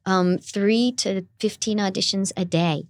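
A woman's voice: medium pitch, fairly even intonation, unhurried, no echo. A middle-aged woman voice actor with a youthful, girlish-sounding voice, chatting animatedly as an interview guest. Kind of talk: casual interview chat.

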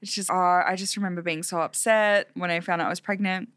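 A young woman co-hosting a podcast in casual chat, animated and swearing freely. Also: fairly low pitch, quick pace, no room sound, clean studio sound. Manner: animated, swears freely, acts out quotes in exaggerated voices. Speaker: podcast co-host.

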